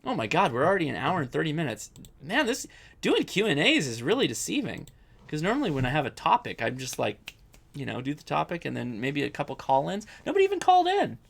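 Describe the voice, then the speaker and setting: A man's voice: a little high, big pitch swings, a little fast, gravelly, a bit bright, breathy edge. A young adult man hosting a casual live-stream Q&A, chatty and rambling, often correcting himself as he answers viewer questions.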